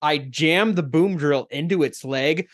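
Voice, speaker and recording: A man's voice: a little high, a little slow. A man playing a tabletop role-playing game, describing his character's attack step by step. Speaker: player.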